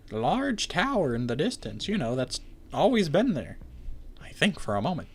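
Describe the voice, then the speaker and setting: A man's voice: fairly high pitch, wildly swooping pitch, moderate pace, husky. A man hosting a game playthrough, reading the story text aloud and breaking off with dry, joking asides. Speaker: let's play host.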